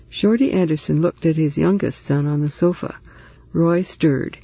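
A man reading a story aloud in steady, even narration. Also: on the high side, normal speed, gravelly, husky, dry recording, highs cut off. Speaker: audiobook narrator. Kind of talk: scripted narration.

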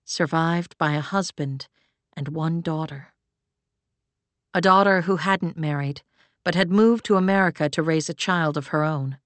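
A woman reading fantasy fiction aloud as an audiobook narrator, in an even, measured way. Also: low-pitched, no echo.

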